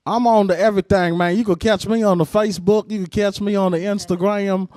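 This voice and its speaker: Male comic guest, high-pitched, animated and profane storytelling, dry studio sound. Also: brisk, no echo. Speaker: comedian guest. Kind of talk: storytelling on a talk show.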